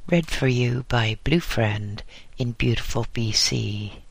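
A man narrating an audiobook in a slow, measured way. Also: mid-range voice, gravelly, husky.

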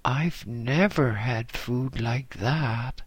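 A man's voice: mid-range voice, extremely slow, breathy edge, no echo. A man voicing a small, hungry boy novice who speaks in a piping, wistful way, in a story read aloud.

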